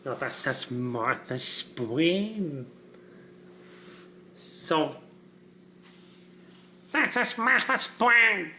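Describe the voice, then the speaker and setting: A father talking casually in a home video, making low, dry, gently teasing remarks. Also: sing-song, drawn-out words, long pauses, a little hiss or hum.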